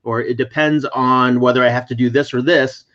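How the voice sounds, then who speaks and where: A man's voice: medium pitch, steady tone, moderate pace, a bit bright. A man hosting a casual chat, summarizing and clarifying points in a teacherly way. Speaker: host. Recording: slightly dull lo-fi audio.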